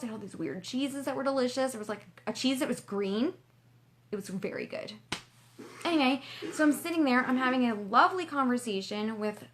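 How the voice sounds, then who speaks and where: A young woman from Canada tells her vlog audience a story in a chatty, gushing way. Her voice sits a little high, and her talk is full of fillers and restarts. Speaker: vlogger. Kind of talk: casual storytelling.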